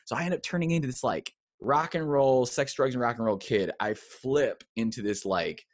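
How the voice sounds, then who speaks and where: A man telling personal stories on a podcast, animated and candid, acting out the voices of the people he quotes. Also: medium pitch, normal speed, dry recording, studio quality. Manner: animated storyteller who acts out quoted voices. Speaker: podcast guest. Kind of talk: candid conversational storytelling.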